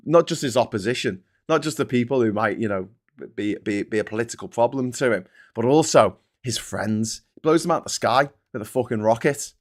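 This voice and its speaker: A British man hosting a political livestream and ranting with open anger. He swears constantly and lurches between loud outbursts and quiet, mumbled asides. His voice sits at an ordinary middle pitch. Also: fairly quick. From Britain. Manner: angry, sweary, swings between shouting and mumbling. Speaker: livestream host.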